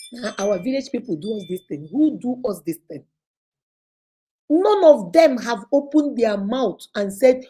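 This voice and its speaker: A woman hosts an advice show and lectures her listeners in an animated, preachy way, throwing one rhetorical question after another. Her voice sits a little high but sounds warm and mellow. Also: normal speed, slightly rough. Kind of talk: casual advice commentary.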